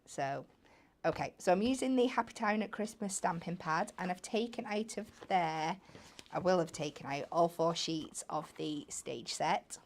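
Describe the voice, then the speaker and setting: A woman's voice: fairly low pitch, lively intonation, normal speed, slight background noise. A woman demonstrating a card-making craft step by step in a chatty way. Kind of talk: hands-on crafting demo. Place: TV craft studio.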